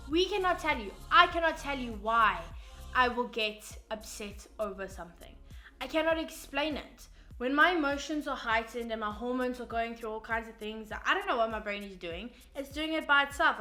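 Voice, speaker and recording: Bright-voiced young woman vlogging. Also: fairly high pitch. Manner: expressive, sarcastic, talks straight to the listener. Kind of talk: casual comedic monologue to camera.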